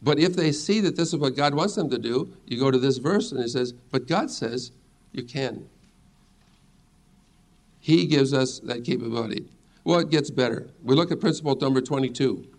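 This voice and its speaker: A man's voice: medium pitch, moderate pace, darkish tone. A middle-aged man teaching a sermon as a pastor, earnest and reassuring as he reads scripture aloud.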